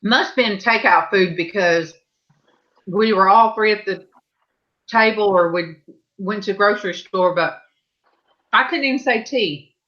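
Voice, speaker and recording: A woman hosting a live-stream panel, telling stories in a slow, halting, meandering way over a video call. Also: medium pitch, highs cut off. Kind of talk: casual chat on a live stream.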